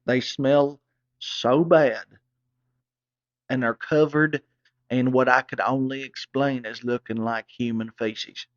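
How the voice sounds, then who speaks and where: A man telling a crude comic story in a rambling, profane, excitable way. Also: mid-range voice, slow, pauses often, no room sound. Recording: dull, dry recording.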